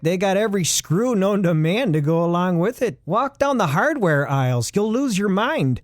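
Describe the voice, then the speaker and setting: A man hosting a comedy podcast, reading a deadpan fake ad in a rambling way, with asides and restarts. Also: on the high side, dry recording, studio quality.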